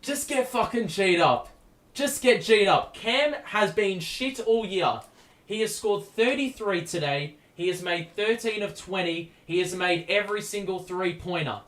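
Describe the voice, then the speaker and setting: A young Australian man giving excitable, foul-mouthed fan play-by-play on a live stream, yelling at big plays. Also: high voice, unhurried. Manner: excitable, swears casually, yells at big plays. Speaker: streamer hosting a game watchalong. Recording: echoey room.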